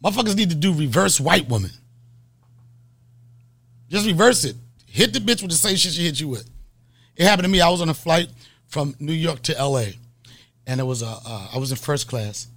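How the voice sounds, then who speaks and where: Gravelly, husky middle-aged male comic. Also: fairly high pitch, a little fast, pauses often. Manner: animated, profane, acts out scenes with mock gasps. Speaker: podcast host and comedian. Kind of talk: comic storytelling.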